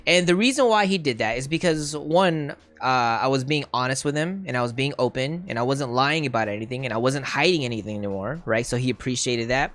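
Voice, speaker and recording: A man's voice: medium pitch, a little fast, few pauses. A young man and streamer, casually telling a personal story, full of "right?" and "like" fillers and laughing often. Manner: animated, mimics voices of parents in quotes.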